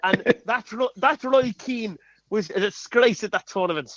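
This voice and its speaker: A man's voice: high-pitched, moderate pace, a crowd in the background, voice pushed up, natural voice. A man putting on an Irish accent to play a scornful football manager, heard over a dull online call. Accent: put-on Irish.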